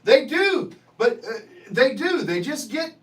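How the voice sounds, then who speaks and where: A man's voice: very high voice, big pitch swings, slow, fairly bright tone, distant mic, low-quality recording. A man hosting a livestream, chatting casually and answering viewer comments in a profane, joking way. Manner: profane, joking, laughs often. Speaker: livestream host.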